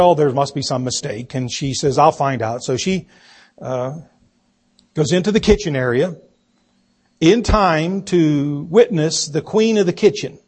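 A man preaching a sermon, telling a story slowly and deliberately and acting out the quoted voices. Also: fairly high pitch, slightly rough. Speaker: pastor.

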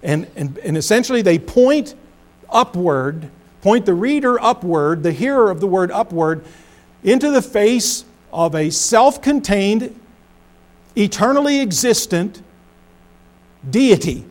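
A middle-aged pastor preaching with a fairly high voice. He swings from loud, emphatic phrases down to low, hushed ones, and his pace speeds up and slows down as he drives each point home. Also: expressive. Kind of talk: sermon.

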